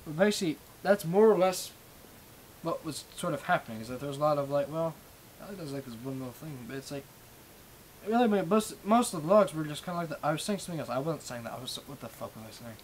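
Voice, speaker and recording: A man's voice: on the high side, animated, fast talker, slight background noise, rough recording. A man ranting casually on a live stream through a webcam mic. He swears often, rambles, and has a speech impediment with sh and ch sounds. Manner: profane, rambling, self-deprecating. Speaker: Minecraft server staff streamer. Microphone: webcam microphone.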